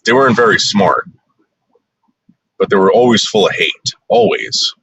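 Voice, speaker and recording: A man from the New York area with a very low voice that still cuts through with a bright, forceful edge. He narrates a casual tour in a blunt, rambling, crude way, like a vlogger talking to his viewers. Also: moderate pace, muffled recording, a little hiss or hum.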